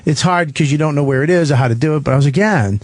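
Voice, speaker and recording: A man's voice: on the high side, very fast, no room sound. A man telling a rambling, profane anecdote on a radio talk show, acting out the people in it. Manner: profane, rambling, animated anecdote with voiced quotes. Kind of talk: casual storytelling. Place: radio studio.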